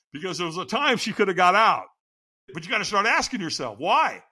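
Guy telling firewalk stories, bright forceful voice, kinda high, gets loud and laughs a lot. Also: moderate pace. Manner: excitable, laughs often, acts out quotes. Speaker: guest, firewalk instructor. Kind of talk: animated storytelling.

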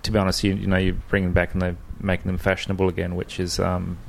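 A man chatting as a guest chef, slow and wry. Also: sits low, monotone, creaky, slight background noise. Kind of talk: casual podcast chat.

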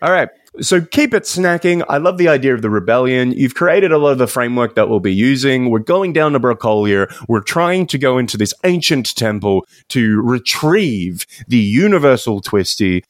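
A man's voice: mid-range voice, animated, moderate pace, hardly any pauses, dry recording, studio quality. A man co-hosting a comedy podcast in a casual, playful brainstorm, laughing often. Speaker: podcast co-host picking ideas.

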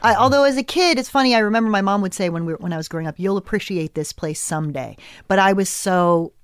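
A woman's voice: medium pitch, rapid-fire, clean tone, no echo, studio quality. A middle-aged woman guest on a podcast, chatting playfully and laughing easily. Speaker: podcast guest, comedic actress. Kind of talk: casual conversation.

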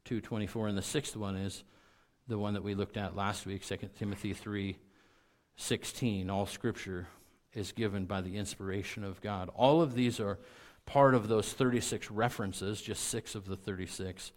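A man preaching a sermon as pastor, talking in an earnest, conversational way with restarts and repeated words. He builds to louder, emphatic peaks and drops soft and low when citing scripture. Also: fairly even intonation, moderate pace.

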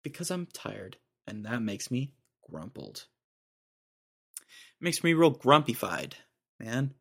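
A man's voice: mid-range voice, sing-song, takes it slowly, gravelly, fairly bright tone, husky. A young man in his twenties hosting a podcast, telling a rambling, jokey story in casual slang. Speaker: podcast host.

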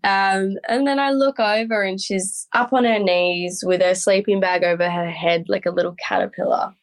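Lively young Australian woman telling a story. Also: mid-range voice, moderate pace. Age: young adult. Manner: lively and animated, with frequent "like" and "um". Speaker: guest. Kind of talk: casual storytelling interview.

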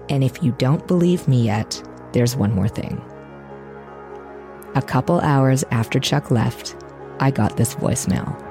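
An actress playing an earnest female true-crime podcast host, giving measured, reflective scripted narration. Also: extremely low pitch, dark tone, full character voice.

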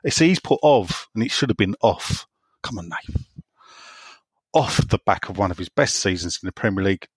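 A podcast host with an East End London accent keeps a casual chat going, joking and reading out listener questions. His husky voice sits low, with lively intonation and a brisk pace. The studio-quality sound has no room echo.

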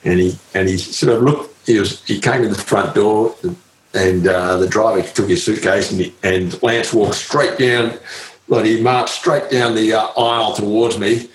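A man, a retired cyclist, telling a story in a halting way with lots of fillers and salty slang. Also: on the low side, steady tone. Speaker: retired pro cyclist, guest. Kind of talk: casual storytelling interview. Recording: roomy echo, faint ambience.

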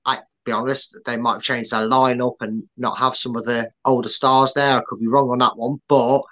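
A man's voice: medium pitch, level tone, moderate pace, a bit bright, poor audio. A man co-hosting a casual football prediction chat, playful and rambling, with many restarts. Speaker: podcast co-host.

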